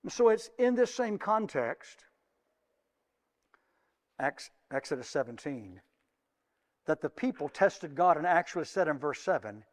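A man preaching a sermon, moving between quiet asides and loud emphatic peaks and asking his congregation questions. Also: fairly high pitch, big pitch swings, unhurried, pauses often, in a large hall.

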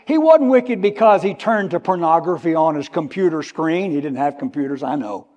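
A man preaching a sermon, slow and emphatic, stressing key words and then dropping to a hush. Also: fairly high pitch, lively intonation, highs cut off. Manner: slow, emphatic, tells listeners to underline words; swings from loud stress to hushed drops. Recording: long reverb of a large hall.

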